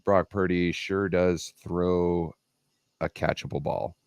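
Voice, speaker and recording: He has a deep, creaky, darkish voice with a steady tone and a slow pace. As a co-host and 49ers fan on a casual football debate livestream, he argues emphatically, often repeating himself and starting sentences over. Sound is clean studio quality with no echo.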